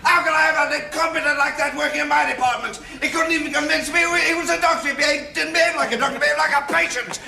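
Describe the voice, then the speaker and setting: An actor playing a pompous senior psychiatrist in a 1970s sitcom, who coaxes patronisingly and then erupts into shouting rages. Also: male voice, medium pitch, big pitch swings, measured pace, pauses often. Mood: furious shouting. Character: pompous male senior hospital psychiatrist, explosive temper. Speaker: hospital psychiatrist. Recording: studio audience laughter over noisy old broadcast.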